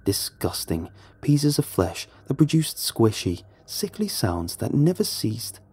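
A man narrating a first-person horror story in a hushed, dramatic way. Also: mid-range voice, very animated, takes it slowly, husky.

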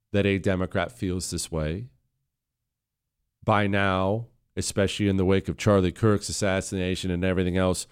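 A man's voice: deep voice, clean tone. A man hosting a radio talk show, delivering political commentary in an emphatic style that builds in intensity, recorded on a studio microphone.

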